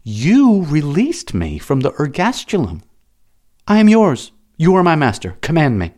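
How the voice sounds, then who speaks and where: A man's voice: on the high side, huge pitch swings, unhurried, voice pushed up. A man voicing a timid, devoted male slave in a storybook, earnest and pleading. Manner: pleading, earnest, at times hushed.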